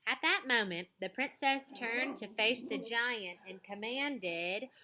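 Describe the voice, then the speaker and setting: A woman reading a children's chapter book aloud, pausing to describe the pictures in an animated way. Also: a little high, noisy background. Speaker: storybook reader.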